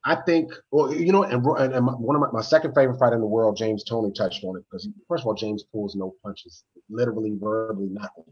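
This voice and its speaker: A man co-hosting a podcast, talking boxing in casual, animated storytelling with frequent restarts. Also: on the low side, fast talker, few pauses, slightly rough, muffled recording. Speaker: podcast co-host. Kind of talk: casual sports chat.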